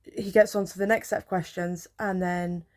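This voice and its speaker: A woman's voice: on the low side, little pitch movement, normal speed, darkish tone. A young woman, a healthcare support worker, telling a rambling, chatty story while drowsy from painkillers. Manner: chatty, rambling, with filler words. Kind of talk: casual storytelling vlog.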